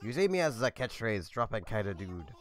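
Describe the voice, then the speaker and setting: A man's voice: lowish voice, big pitch swings, fairly quick. A man voicing a cheerful cartoon animal villager from a video game, in a put-on, vaguely Scottish-sounding accent. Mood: breezy. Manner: attempted Scottish-ish accent.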